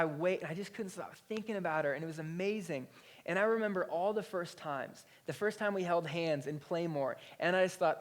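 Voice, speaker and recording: A male pastor in his thirties preaching a sermon in a conversational, animated storytelling way. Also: fairly high pitch. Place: church.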